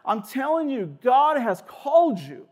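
A young male pastor with a very high voice preaches a sermon in a casual, animated style. He leans heavily on "like" as a filler and tosses in quick asides.

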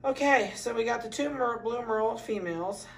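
A middle-aged woman dog breeder in a casual puppy update, cooing softly to the litter and giving brisk practical notes to buyers. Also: on the high side, creaky, far from the mic. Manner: coos softly to puppies, then gives brisk practical notices to buyers.

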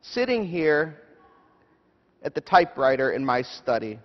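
A pastor delivering a sermon, telling a story in a measured, prayerful way. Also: male voice, medium pitch, very animated. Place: church sanctuary. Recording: dull echoey church hall.

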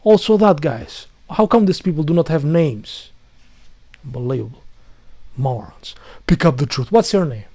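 A man's voice: on the high side, very animated, normal speed, dark tone, no echo. A man delivering an angry ranting monologue to viewers, full of insults, repetition and stumbling restarts. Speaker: video blogger.

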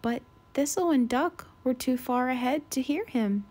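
A woman narrating a children's picture book aloud in a gentle manner. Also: sits high, unhurried. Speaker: storyteller.

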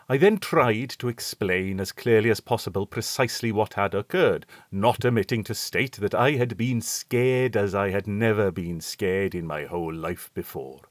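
A man narrates a first-person horror story in a measured, suspenseful way. His voice sits low. The recording is close and dry, with no room sound. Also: dry recording. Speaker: audiobook narrator.

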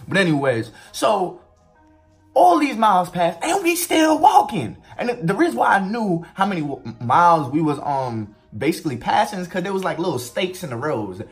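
Man, casual storytime vlogger, very lively pitch, swearing freely, faint music underneath. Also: moderate pace. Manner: animated, profane, swings pitch widely for emphasis.

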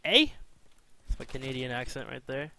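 A man giving casual, self-mocking commentary while playing a video game, chatty and jumping between excited outbursts and low mumbles. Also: normal speed, background noise.

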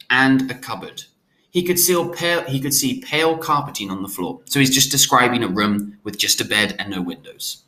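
A man's voice: medium pitch, sharp tone. A man reading a novel aloud, stopping to restate hard words in simpler terms.

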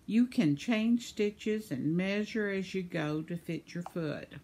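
A woman's voice: medium pitch, animated, takes it slowly, a little mellow, slight background noise. A woman, chatting casually and laughing often as she reads viewer comments on her vlog. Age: 70s. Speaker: vlogger.

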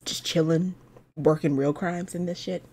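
A woman's voice: deep voice, fairly even intonation, normal speed, dark tone, slightly rough. A young woman in her twenties doing playful, sassy let's-play commentary, who swears freely and often drops into muttered asides. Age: 20s. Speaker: gaming video host.

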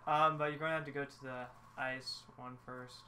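A man's voice: mid-range voice, little pitch movement, moderate pace, pushed and bright. A man co-playing a video game, chatting in a laid-back way. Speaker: co-player. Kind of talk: casual let's-play chat. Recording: noisy mic with clicks.

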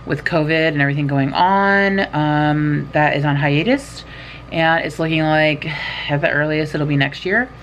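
A woman's voice: low voice, moderate pace, muffled recording, a little hiss or hum. A young woman chatting casually to camera in her bedroom, rambling and poking fun at herself. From California. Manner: rambling, chatty, self-deprecating. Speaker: writing vlogger. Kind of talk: casual vlog chat. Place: bedroom at home, in doors.

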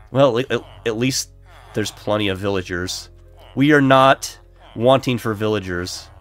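A man streams himself playing Minecraft, sounding nasal and congested from allergies as he chats casually and self-deprecatingly with viewers. His voice is on the low side and slightly bright, with lo-fi music in the background.

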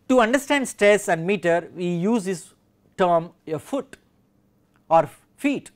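A man with an Indian English accent gives a recorded university lecture in a fairly high voice. He speaks slowly and deliberately, and he stresses each word carefully when he reads verse aloud.

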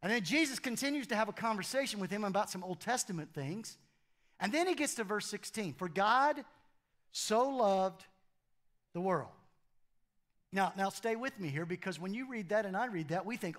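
A middle-aged man preaches in a church with a high, lively voice. He keeps it conversational and funny, repeating phrases for emphasis and switching between reading scripture and joking with the room. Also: moderate pace. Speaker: pastor. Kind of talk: sermon. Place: church auditorium.

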